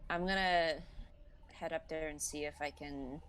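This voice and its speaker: Low-voiced woman tabletop player. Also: steady tone, moderate pace, noisy background. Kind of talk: casual tabletop role-play.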